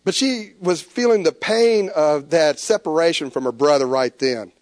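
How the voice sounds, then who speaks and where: A man preaching a sermon, animated, with stammered restarts. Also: a little high, normal speed, no echo, studio quality. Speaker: pastor.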